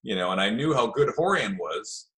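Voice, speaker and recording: A middle-aged man telling a story in a relaxed, chatty way, acting out the voices of the people in it. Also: on the low side, normal speed. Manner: animated storyteller, acts out quoted voices. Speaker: guest telling stories of early jiu-jitsu. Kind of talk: casual storytelling.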